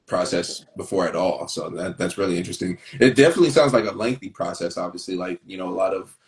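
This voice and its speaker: A man's voice: low voice, lively intonation, fast, slight background noise. A man co-hosting a podcast who reacts thoughtfully in casual chat and leans on fillers like "you know.". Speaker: podcast co-host.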